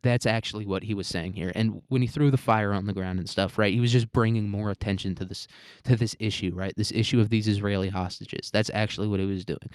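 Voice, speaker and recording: Sarcastic, profane man, low and dry. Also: steady tone, quick pace, darkish tone, clean tone, no room sound. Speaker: podcast host. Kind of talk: solo commentary podcast.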